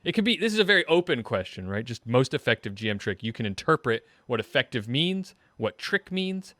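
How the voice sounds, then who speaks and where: A man's voice: mid-range voice, very animated, brisk, a bit bright, no room sound, studio quality. A man hosting a casual panel show, rambling through his questions and restarting them as he goes. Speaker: show host.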